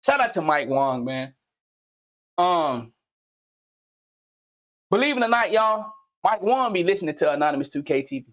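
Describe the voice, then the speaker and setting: A man hosting a gaming channel, delivering a loud, slangy, profane comedic rant that swings into shouting. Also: on the high side, very animated, moderate pace, long pauses. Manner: slangy, repetitive, teasing.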